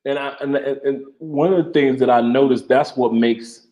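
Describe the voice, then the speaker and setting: A man with an ordinary mid-pitched voice talks in a relaxed chat. He reflects as he speaks and often repeats a word or two before finding his point. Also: normal speed. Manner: reflective, repeats words while gathering thoughts. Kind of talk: casual chat.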